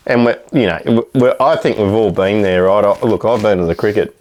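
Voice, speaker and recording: A man's voice: fairly low pitch, fairly quick, a little mellow. A man with an Australian accent co-hosting a podcast, rambling and backing up his mate with frequent yeahs. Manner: backchannels a lot, rambling. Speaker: podcast co-host. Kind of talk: casual podcast chat.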